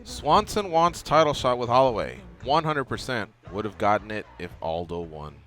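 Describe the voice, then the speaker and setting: A man's voice: mid-range voice, very animated, normal speed, a bit bright, faint music behind. A male radio host chatting casually about fighting, joking and teasing his guest. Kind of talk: casual sports radio chat.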